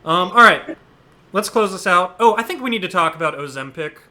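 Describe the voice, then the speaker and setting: A man's voice: high voice, lively intonation, fairly quick, bright, forceful tone. A man hosting a casual podcast chat, laughing often and joking about himself. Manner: self-deprecating, laughs often. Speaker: podcast host.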